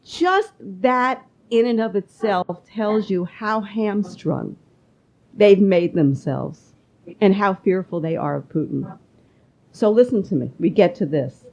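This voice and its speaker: A woman hosting a political interview podcast, talking in an animated, opinionated way. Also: medium pitch, slow, vocal fry, highs cut off. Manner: animated, opinionated, rising to exclamation. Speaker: podcast host.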